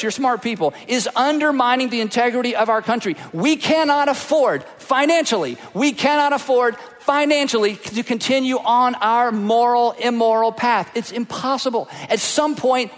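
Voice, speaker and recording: A man's voice: very high-pitched, moderate pace, few pauses, fairly bright tone. A man preaching a sermon as pastor, emphatic and repetitive, rallying the congregation. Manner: emphatic, repetitive, rallies the crowd. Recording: echoey hall reverb.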